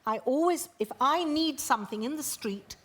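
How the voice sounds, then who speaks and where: A woman's voice: high-pitched, lively intonation, normal speed, crowd noise. An older woman with a posh English accent, chatting frankly and outspokenly as a talk show guest. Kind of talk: casual chat. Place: TV studio with audience.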